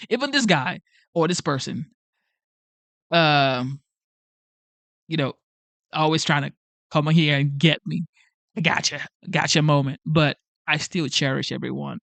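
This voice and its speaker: A man's voice: on the high side, vocal fry, fairly bright tone, no echo. A Nigerian man with a Nigerian accent hosting a livestream, rambling casually and reading out viewer comments, with lots of "like" and "okay?". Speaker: livestream host.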